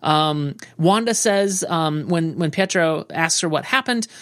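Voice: mid-range voice, measured pace, no echo, clean studio sound. A co-host in a casual TV recap chat, musing aloud, hedging often and trailing off.

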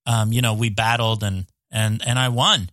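Bright-voiced man, halting and enthusiastic. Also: fairly low pitch, steady tone, dry recording. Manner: halting, repeats words, enthusiastic. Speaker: podcast guest. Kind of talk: casual film review chat.

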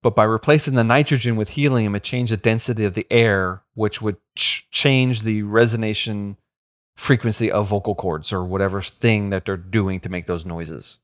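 A man's voice: on the low side, steady tone, moderate pace. A man telling stories in casual chat, often breaking into laughter.

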